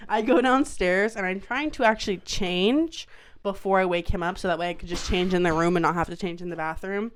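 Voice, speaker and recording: Her voice sits on the low side and moves briskly, with a faint hiss or hum in the audio. This podcast co-host rambles through a story in easygoing conversation, full of swearing and endless "likes."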